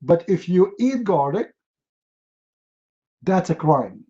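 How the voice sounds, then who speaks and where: A man's voice: sits high, big pitch swings, takes it slowly, mellow, dull audio. A man giving a humorous talk, telling stories in a mocking, sarcastic way. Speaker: speaker.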